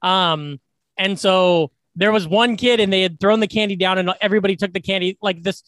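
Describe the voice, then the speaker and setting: A man's voice: high-pitched, fairly quick, fairly bright tone, dry recording. A man co-hosting a podcast, chatting casually and rambling through stories with lots of restarts. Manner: rambling storyteller with many restarts. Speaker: podcast co-host. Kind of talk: casual chat.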